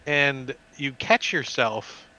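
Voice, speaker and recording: A man narrating as dungeon master, animated and throwing in sound effects. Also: mid-range voice, slow pace. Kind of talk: narrating a tabletop game.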